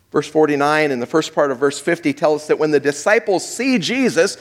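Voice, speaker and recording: A male pastor preaching a sermon, dramatic, swinging between loud and hushed, asking the audience questions. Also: a little high, animated, brisk, few pauses. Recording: echoey hall with long reverb.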